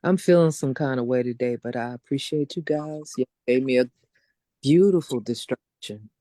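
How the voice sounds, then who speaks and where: A woman's voice: rumbling low, normal speed, mellow, no room sound. Frustrated middle-aged woman venting, dry sound. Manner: frustrated ranting, talks in long run-on stretches. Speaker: open mic participant. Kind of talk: casual venting chat.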